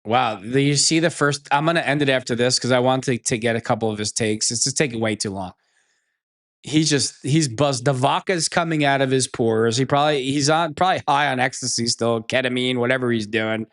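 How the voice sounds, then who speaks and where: A man's voice: mid-range voice, a little fast, fairly bright tone. A man hosting a commentary show, ranting sarcastically and with profanity as he reacts to clips.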